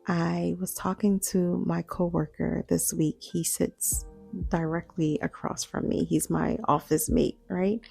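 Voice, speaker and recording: Female podcast host, 40s: hushed, reflective late-night talk, dark mellow tone, unhurried. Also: on the low side, level tone, gravelly, slightly rough, soft background music. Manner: hushed, half-whispering, slow and reflective. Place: home at night.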